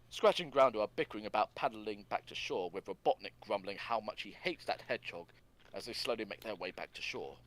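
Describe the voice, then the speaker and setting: A man with a low-pitched voice leads a casual podcast. He walks through a cartoon episode's plot, then chats loosely with his co-hosts, peppering his talk with "like" and trailing off mid-phrase. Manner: lots of "like" fillers, half-finished phrases. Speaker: podcast co-host recapping a cartoon. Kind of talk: plot recap and casual chat.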